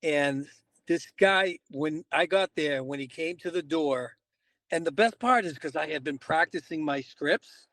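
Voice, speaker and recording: Man, podcast co-host, casual storyteller, acts out dialogue, slightly high voice. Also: measured pace, no echo, studio quality. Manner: lively, acts out both sides of conversations.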